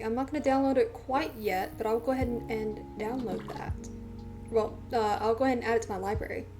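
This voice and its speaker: A woman streamer talking casually to her live chat in a rambling, chatty way, full of fillers. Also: a little high.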